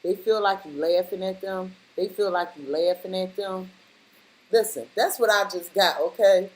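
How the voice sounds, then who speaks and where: In a poor-quality recording, a woman with a mid-range voice reads tarot for the viewer at a moderate pace. She's casual and emphatic, drops blunt slang, and repeats herself to drive points home.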